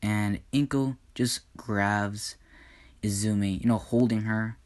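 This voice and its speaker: A man with a low voice tells a made-up fan story at a slow, unhurried pace. His narration is casual and halting, full of fillers and restarts. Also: fairly even intonation, darkish tone.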